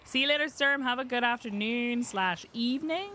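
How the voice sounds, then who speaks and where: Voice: medium pitch, moderate pace, sharp tone, a little hiss or hum. Wry streamer muttering over gameplay. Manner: wry, muttering running commentary. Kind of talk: casual gameplay commentary.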